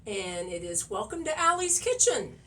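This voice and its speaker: An older woman co-hosting a casual library chat, soft-spoken and laughing easily. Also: fairly high pitch, big pitch swings, moderate pace. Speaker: library co-host. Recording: distant mic with faint noise.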